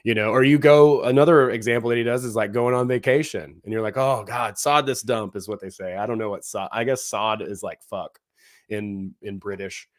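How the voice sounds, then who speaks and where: A man co-hosting a casual talk, chatting in an animated way, often acting out quoted voices with lots of fillers. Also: fairly low pitch, brisk, no echo, clean studio sound. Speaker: co-host, comedy show producer. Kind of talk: casual conversational chat.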